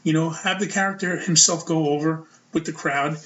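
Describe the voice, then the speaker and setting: A man with a slightly high-pitched voice hosts his own podcast, sharing opinions in a loose, rambling way. He leans on filler words as he thinks aloud. The recording sounds dull and lo-fi. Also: steady tone, normal speed, fairly bright tone. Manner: casual, rambling, lots of "you know" fillers. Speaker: podcast host.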